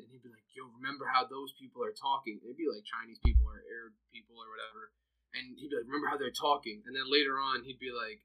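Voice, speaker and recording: Brief: young male podcast guest from New Jersey, sharp bright tone, chatty storyteller. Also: medium pitch, poor audio. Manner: laughs often, storytelling with many "like"s. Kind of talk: casual chat.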